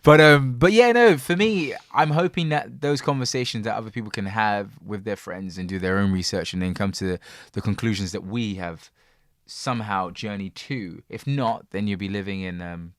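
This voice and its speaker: A man co-hosting a podcast, telling stories in a lively casual way and laughing often. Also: on the low side, normal speed, hardly any pauses, no echo, clean studio sound. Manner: animated storyteller, laughs often. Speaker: podcast co-host. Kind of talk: casual chat.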